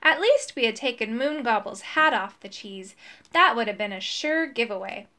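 Lady reading a kids story, lively up-and-down voice, bright tone. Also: fairly high pitch, normal speed. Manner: expressive, animated storytelling. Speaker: audiobook narrator. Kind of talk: children's storybook narration.

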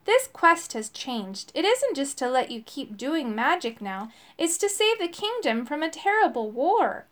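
A woman's voice: high voice, sing-song, a little slow, a bit bright, exaggerated voice. A woman voicing a blunt, grumbling male companion who mutters his remarks in a storybook. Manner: gruff, muttering.

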